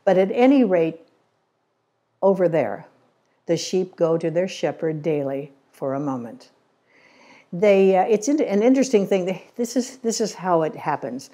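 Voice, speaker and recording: A woman's voice: on the low side, lively intonation, moderate pace, mellow. A middle-aged woman giving a church talk, telling stories earnestly and acting out the quotes. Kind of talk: storytelling sermon.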